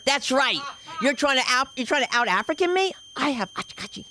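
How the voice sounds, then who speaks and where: A woman's voice: sits high, big pitch swings, a little fast, bright, forceful tone, slight background noise, low-quality recording. Give me a woman emceeing a comedy open mic with playful, rambling banter. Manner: rambling, playful, sing-song name riffs. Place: comedy club stage.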